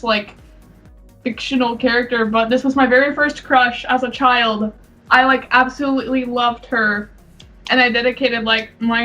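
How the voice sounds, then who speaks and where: A woman's voice: high voice, a bit bright, distant mic. A young woman co-hosting a casual podcast, rambling and giggling as she chats. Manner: giggly, rambling, often breaks into laughter. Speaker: podcast co-host. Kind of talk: casual chat. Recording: dull lo-fi sound from off mic, faint music.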